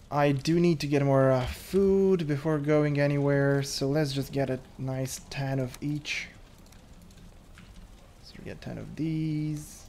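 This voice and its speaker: Guy chatting thru a game, nervous little laughs, middle pitch, faint hiss behind. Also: darkish tone. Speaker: gameplay commentator. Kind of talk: casual gameplay commentary.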